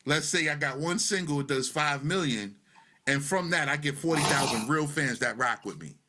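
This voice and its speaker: A man with an Arabic accent hosting a podcast, telling stories in an animated way and laughing often. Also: fairly high pitch, normal speed, noisy background. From Arab world. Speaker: podcast host. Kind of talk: casual interview chat.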